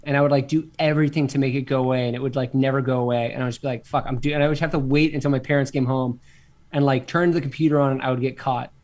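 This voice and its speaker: A man in his thirties co-hosting a loose comedy chat at a middle pitch. He tells long, rambling stories with a lot of animation and breaks into laughter often. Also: fairly even intonation, racing, a little mellow. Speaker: podcast co-host. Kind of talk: casual comedic chat while eating.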